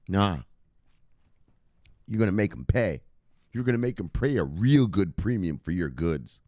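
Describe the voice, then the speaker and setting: A man hosting a crypto news channel, ranting to his viewers in a profane, theatrical way that swings from loud shouts to muttered asides. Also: low-pitched, lively intonation, unhurried, pauses often, no echo, studio quality. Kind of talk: fired-up rant to viewers.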